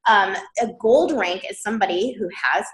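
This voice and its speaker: A woman, a network marketing leader, explaining business strategy in an animated way, laughing often. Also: mid-range voice, normal speed, echoey room, poor audio.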